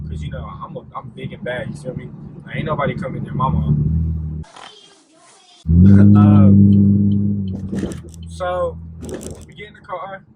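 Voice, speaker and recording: Young male vlogger, relaxed storyteller, loose and rambling, some background noise. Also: medium pitch, unhurried, pauses often, narrow, tinny audio. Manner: laid-back, rambling with many fillers. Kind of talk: casual storytime vlog.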